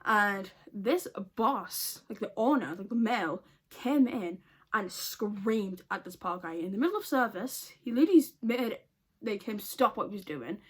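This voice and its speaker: A woman's voice: medium pitch, lively intonation, unhurried, husky. A woman telling a storytime vlog in a casual, blunt way, swearing a lot and laughing often. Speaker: vlogger.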